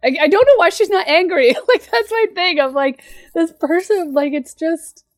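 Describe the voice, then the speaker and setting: A woman's voice: very high voice, expressive, moderate pace, no room sound. A woman co-hosting a podcast speaks on a close, dry microphone. She talks casually and hesitantly, restarting her sentences as she searches for the right words. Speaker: podcast co-host.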